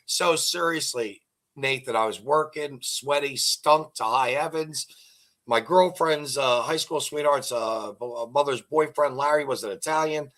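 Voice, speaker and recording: A man's voice: medium pitch, fairly bright tone. An older man hosting an interview, telling long rambling jokes and anecdotes and acting out their dialogue. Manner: rambling storyteller, acts out joke dialogue. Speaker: podcast host. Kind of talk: casual interview chat.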